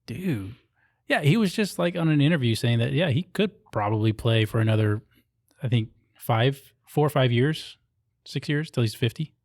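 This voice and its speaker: A playful man hosting a studio chat show, quizzing his guest with jokey questions. His pitch jumps around in a lively, animated way. The sound is dry and close. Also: normal speed, dry recording. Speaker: host. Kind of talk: casual interview chat.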